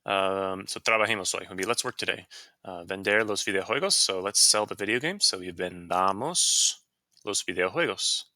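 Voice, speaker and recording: Low bright-toned male teacher. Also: normal speed, no echo. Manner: casual explaining with fillers and self-corrections. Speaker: Spanish teacher. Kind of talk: screen-recorded grammar lesson.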